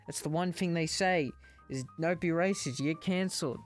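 A man's voice: a little high, moderate pace, soft background music. A young man hosting a casual solo podcast, rambling, joking at his own expense and stumbling over words. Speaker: podcast host.

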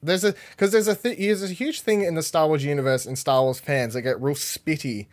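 A man hosting a podcast in casual chat, energetic and rambling as he talks. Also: fairly high pitch, brisk. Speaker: podcast host.

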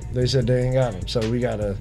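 A man's voice: medium pitch, fairly even intonation, fast, vocal fry, over music. A man guesting on a podcast who tells his stories in an exasperated, profane way. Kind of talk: casual podcast chat.

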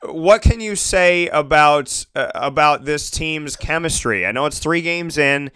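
Lively man interviewing a player. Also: on the high side, measured pace, clean tone, no echo. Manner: playful, laughs often, mimics coaches. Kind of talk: casual sports interview.

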